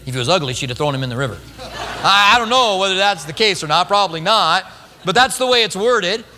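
A male pastor preaching a sermon, telling a story with lively acted-out quotes. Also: high-pitched, brisk, big-room sound.

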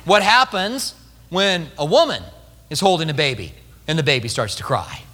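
A male pastor preaching a sermon, telling a story with lively acted-out quotes. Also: fairly high pitch, normal speed, long reverb tail.

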